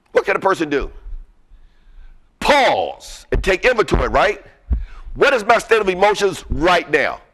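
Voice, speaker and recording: A man's voice: fairly high pitch, a bit bright. A man giving an interactive motivational lecture, energetically quizzing the audience with fill-in questions. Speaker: workshop presenter.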